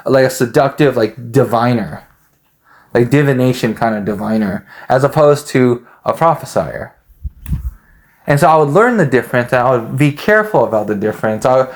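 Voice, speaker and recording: A man talking in a rambling, hesitant monologue, full of fillers and restarts. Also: medium pitch. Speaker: podcast host.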